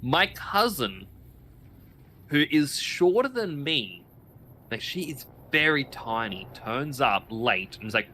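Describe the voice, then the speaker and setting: A man with a bright, forceful voice in casual livestream chat. He tells a long story with energy and slips into quoted voices as he goes. His pitch sits in a plain middle range. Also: slow, a little hiss or hum. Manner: animated anecdote teller, acts out quoted voices. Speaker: stream guest.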